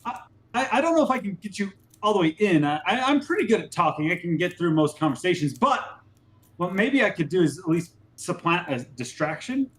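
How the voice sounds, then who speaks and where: A man's voice: high-pitched, very animated, fairly quick, a bit bright, reverberant. A man playing a tabletop role-playing game in character, stammering and flustered, with lots of restarts. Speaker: player.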